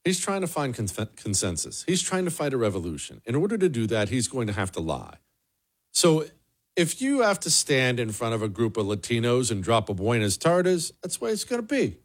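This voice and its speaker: A man's voice: mid-range voice, sing-song, moderate pace. A man hosting a political commentary show, talking in an emphatic, mocking monologue. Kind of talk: opinionated monologue.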